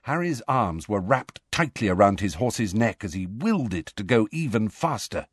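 Man, mid-pitched audiobook narrator, animated delivery, dry close mic. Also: normal speed, slightly rough, dry recording. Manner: expressive, dramatic reading. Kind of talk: scripted storybook narration.

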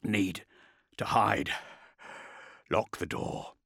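A male narrator voicing a grim, dying armoured soldier who talks in a strained, breathy growl, weak and failing. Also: sits low, very animated, extremely slow, sharp tone, no room sound, studio quality, pitched below the performer's own voice, exaggerated voice.

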